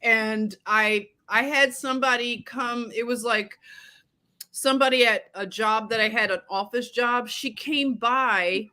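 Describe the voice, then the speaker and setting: A woman co-hosting a casual chat, telling animated stories and laughing often. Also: on the high side, measured pace, clear, resonant tone. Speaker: podcast co-host.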